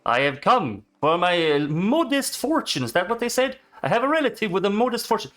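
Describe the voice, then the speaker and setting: A man streaming a video game, with a slightly high voice that jumps around a lot. He swears freely and cheerfully calls out to the animals he runs into. Faint game music sits underneath. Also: a little fast. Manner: excitable, swears, talks to animals. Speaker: gaming streamer. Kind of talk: casual gameplay commentary.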